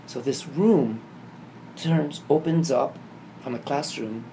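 A man casually telling a vivid dream story, acting out the scenes and getting animated and higher when excited. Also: slow pace. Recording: noisy background ambience.

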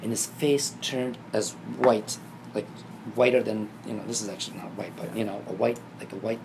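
A man casually telling a vivid dream story, acting out the scenes and getting animated and higher when excited. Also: normal speed. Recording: noisy background ambience.

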